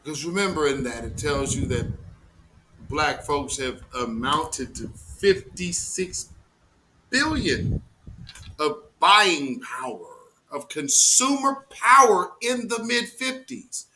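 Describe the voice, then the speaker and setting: A man's voice: fairly high pitch, very animated, slow pace, pushed and bright, slight background noise, low-quality recording. A man hosting a live news commentary stream, heated and mocking, with slangy, profane talk.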